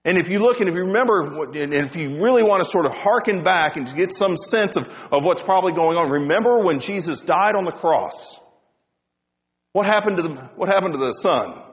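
Animated preaching man in a hall. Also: high voice, normal speed, muffled recording. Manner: animated preaching, rising and dropping for emphasis. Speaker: pastor. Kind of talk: sermon.

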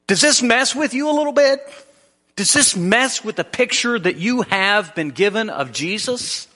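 A man's voice: high voice, sing-song, moderate pace, pushed and bright, big-room sound. A man preaching a sermon in a conversational way, often restarting his sentences. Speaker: pastor.

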